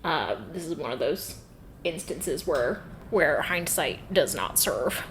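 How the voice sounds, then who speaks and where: A woman's voice: sits low, expressive, takes it slowly, a little hiss or hum, low-quality recording. A woman co-hosting a podcast, talking in chatty casual conversation, swearing freely and laughing often. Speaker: podcast co-host. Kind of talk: casual chat.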